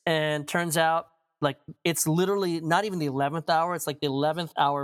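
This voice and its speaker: A man in his forties, a pastor being interviewed, telling a story in a casual, animated way, acting out what people said and laughing often. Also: on the high side. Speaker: pastor, guest.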